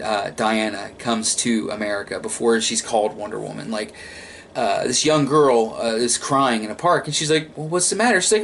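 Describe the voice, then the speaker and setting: A man talks through a film review in a loose, rambling way. He swears freely and often trips over his words before starting again, in a voice of ordinary pitch. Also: slight background noise. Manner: rambling, profane, frequent restarts. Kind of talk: casual film review monologue.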